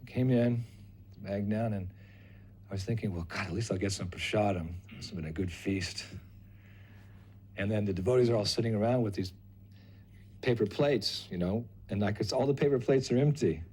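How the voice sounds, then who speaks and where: An older man recounting a personal memory as a lively storyteller who acts out other people's lines. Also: on the low side, moderate pace, long pauses, husky. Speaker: devotee recalling memories.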